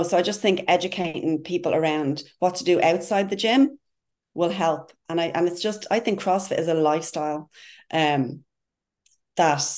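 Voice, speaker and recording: A woman's voice: deep voice, darkish tone. A woman talking as a guest in a casual podcast conversation, speaking passionately and eagerly in a rambling way about coaching.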